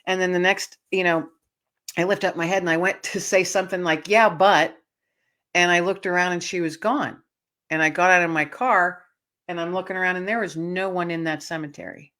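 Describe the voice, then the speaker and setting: A woman guest telling a personal story in an interview, animated, laughing often, with frequent restarts and fillers. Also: fairly low pitch. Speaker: guest author.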